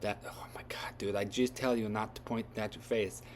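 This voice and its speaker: A man's voice: fairly low pitch, fairly even intonation, normal speed, darkish tone, a little hiss or hum, natural voice. A man voicing a laid-back old hermit wizard, talking in an offhand, rambling way. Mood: whispering.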